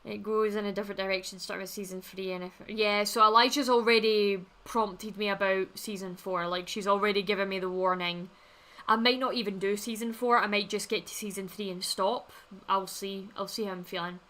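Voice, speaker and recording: A young woman talks casually to her livestream viewers. Her voice is bright and forward, and she is blunt and chatty, laughing easily and swearing freely as she replies to chat. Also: mid-range voice, fairly even intonation, brisk. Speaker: livestream host reading chat.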